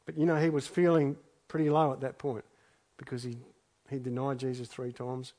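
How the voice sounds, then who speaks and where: Speaking at a normal speed in a warm, medium-pitched voice with a level tone, a male pastor delivers a sermon. He reads scripture aloud, then reflects on it earnestly, frequently repeating his phrases for emphasis.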